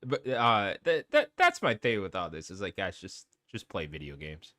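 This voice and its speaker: This podcast co-host has a low voice and a normal pace, spinning stories in a relaxed conversation full of laughter and swearing. He's an animated storyteller, captured in a dry, clean studio recording.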